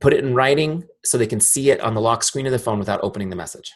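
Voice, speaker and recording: Man, husky voice, direct and energetic trainer, quizzes the audience. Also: mid-range voice, very fast. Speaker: sales trainer. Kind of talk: live training talk.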